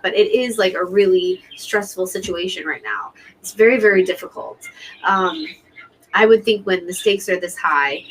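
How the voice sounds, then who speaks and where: A woman's voice: medium pitch, a bit bright, a little hiss or hum, rough recording. Woman hosting a live watch party stream; talkative, emotional, speaks directly to her audience. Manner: chatty and emotional, talks straight to viewers. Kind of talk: casual live commentary to viewers.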